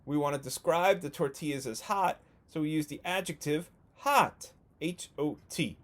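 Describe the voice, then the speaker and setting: A man teaching a first grade remote video lesson, speaking slowly and patiently and stretching out words for young children. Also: on the high side.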